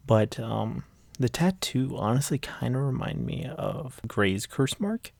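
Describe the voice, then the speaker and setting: A man's voice: mid-range voice, expressive, measured pace, gravelly, a little mellow, dry recording. A man giving a casual, rambling recap of a manga chapter, full of fillers and repeated enthusiasm.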